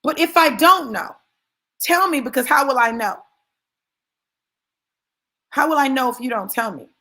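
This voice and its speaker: Gravelly, higher-voiced woman repeating herself for emphasis. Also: animated, measured pace, sharp tone. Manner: emphatic, repeats key phrases for stress; conversational, addresses listeners directly. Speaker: motivational speaker. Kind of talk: motivational talk to an audience.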